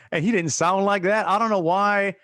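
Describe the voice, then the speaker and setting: A man in his fifties from Louisiana, co-hosting a casual chat and telling animated stories. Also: high voice, no room sound, studio quality. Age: 50s. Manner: animated storyteller, acts out voices. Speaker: podcast co-host.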